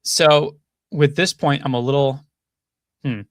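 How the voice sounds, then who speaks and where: A man's voice: mid-range voice, takes it slowly, no echo, clean studio sound, faint music behind. A man hosting a casual commentary show, thinking aloud with frequent restarts and hedges. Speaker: podcast host.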